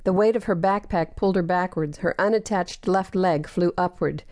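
Lady reading an audiobook, lowish voice, super dry close sound. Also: moderate pace, a little mellow, no room sound. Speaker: audiobook narrator. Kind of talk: scripted narration.

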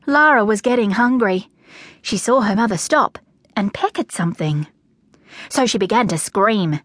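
An Australian woman narrates a children's storybook at an unhurried, deliberate pace, her bright voice rising and falling with lively expression. The recording is dry and close. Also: medium pitch, dry recording. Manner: expressive, animated reading. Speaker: audiobook narrator.

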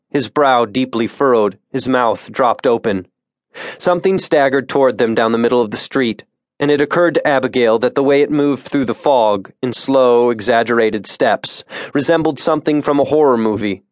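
A man reading a suspense thriller audiobook in a measured, tense narration voice on a close studio mic. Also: medium pitch, no echo. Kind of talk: scripted narration.

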